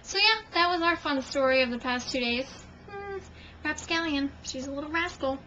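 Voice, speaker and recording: A young woman vlogging at home, telling a long story to the camera in an animated, self-mocking way. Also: sits high, normal speed, lo-fi sound, a little hiss or hum.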